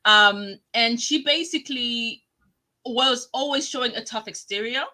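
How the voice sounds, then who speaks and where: A woman hosting a live online show, chatting casually and telling stories excitedly, often breaking into laughter. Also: fairly high pitch, measured pace, low-quality recording. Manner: excitable, animated storytelling with laughs. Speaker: talk show host. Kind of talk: live casual TV review chat.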